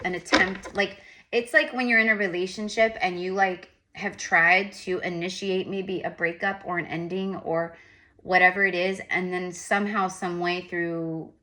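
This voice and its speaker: Bright, chatty woman tarot reader, rambling and repetitive. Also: lowish voice. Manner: rambling, repetitive, animated asides. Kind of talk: casual spoken tarot reading.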